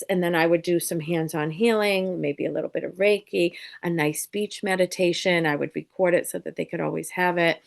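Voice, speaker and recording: A woman guest on an interview show, telling lively, lighthearted stories and acting out quotes as she talks. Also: lowish voice. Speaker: psychic medium guest. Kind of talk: casual interview storytelling.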